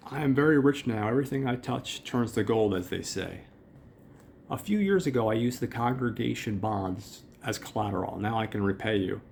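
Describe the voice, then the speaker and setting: Earnest older rich man, formal phrasing, gravelly, a man doing the voice. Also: fairly low pitch, lively intonation, normal speed, a little mellow, slight background noise. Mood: boastful. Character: older wealthy man, bitter then hopeful.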